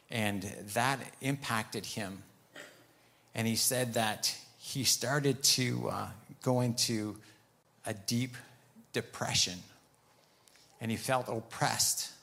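A man's voice: fairly low pitch, fairly even intonation, slow, vocal fry, pauses often, pushed and bright. A man preaching a sermon, telling a story and retelling conversations as he goes, then turning firm and emphatic on commands.

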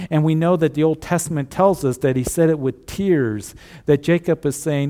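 Male pastor mid-sermon, dark mellow tone, earnest and repetitive, hushed for emphasis. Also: a little high, moderate pace. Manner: earnest preaching with repeated phrases, drops to a hush on key lines.

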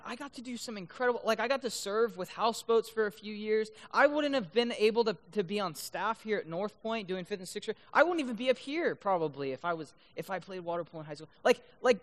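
A young man preaching a youth sermon, earnest, often repeating his words and swinging from loud to soft. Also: high voice. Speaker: youth pastor.

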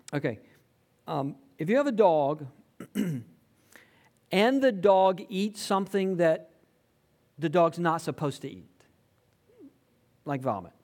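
A man preaching a sermon in a conversational, animated way, acting out quotes. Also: high-pitched. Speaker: pastor.

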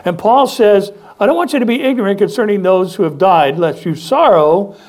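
A man with a high voice preaches a sermon in a church. He speaks with strong emphasis and prompts the congregation to call out responses. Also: normal speed, darkish tone. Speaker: pastor. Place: church sanctuary.

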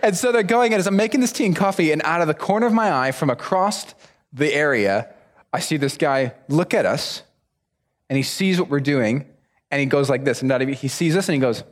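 A young man delivers a sermon as a lively story, acting out the other people's voices. His voice sits fairly high. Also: brisk. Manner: animated storyteller, acts out voices. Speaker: preacher.

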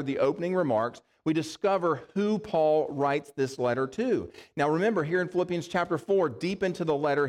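A man with a somewhat raised pitch preaches a sermon in a chatty, explanatory way. He often asks rhetorical questions and stops to make a point. His voice carries a long reverb from a large hall. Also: darkish tone. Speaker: pastor.

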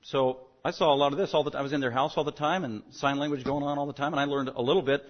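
A man's voice: fairly high pitch, steady tone, very fast. Emphatic male preacher, muffled recording. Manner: emphatic, surging louder on key words. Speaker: pastor. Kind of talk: expository sermon.

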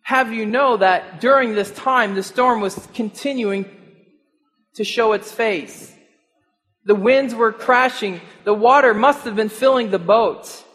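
A man's voice: high voice, a little slow, in a large hall. A man preaching a sermon, asking his listeners questions and chuckling now and then. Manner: animated, rhetorical questions, chuckles often.

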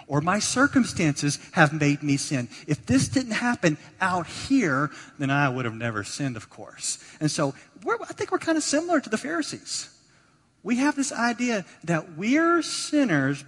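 A man's voice: fairly high pitch, slightly rough. Emphatic male preacher in a reverberant hall. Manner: emphatic, swings from quiet asides to loud rising exhortation. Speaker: pastor. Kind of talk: sermon.

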